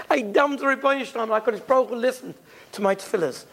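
A man gives a storytelling Torah talk, acting out his characters' voices and using Yiddish and Hebrew terms. He speaks quickly in a high, creaky voice with lively intonation.

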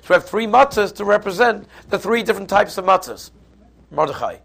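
A man's voice: sits high, expressive, brisk, creaky, a bit bright. A man, teaching a Passover Torah class and explaining it step by step, with frequent restarts. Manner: explanatory, mixes Hebrew and Yiddish terms, frequent restarts. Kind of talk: Torah lecture.

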